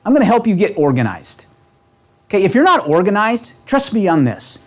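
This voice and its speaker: A man leading a real estate training seminar, talking with a lively, coaching manner and checking in with the room constantly. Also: high voice, brisk. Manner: animated, asks the room constant "right?" questions. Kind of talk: motivational seminar talk. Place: seminar room with a live audience.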